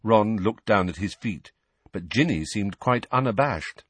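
A man narrating an audiobook with an expressive, storytelling delivery. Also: fairly low pitch, unhurried, husky, dry recording. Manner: expressive, lively reading. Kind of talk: scripted narration.

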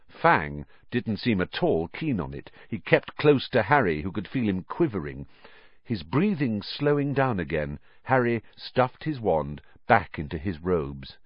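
A man reading a story aloud as narrator, with expressive storytelling. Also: mid-range voice, measured pace, no room sound, lo-fi sound. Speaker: audiobook narrator. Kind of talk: scripted narration.

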